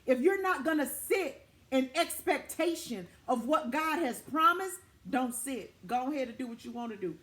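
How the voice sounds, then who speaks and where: High-pitched lady preaching a prophetic word, repeats herself for emphasis, talks straight to the viewers. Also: lively intonation, normal speed, fairly bright tone. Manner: emphatic, repetitive exhortation; informal, direct address to listeners. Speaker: prophetic minister.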